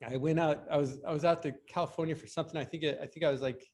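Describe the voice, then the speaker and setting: A man's voice: fairly high pitch, steady tone, racing, a little mellow. A man who is a guest on a podcast, telling long stories in casual talk with many restarts and fillers. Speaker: guest, BMX rider. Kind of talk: casual interview storytelling.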